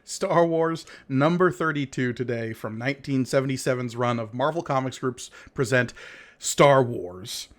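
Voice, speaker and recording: A man hosts a casual podcast in a relaxed, deliberate way and laughs easily with his co-host. His voice sits at an ordinary middle pitch.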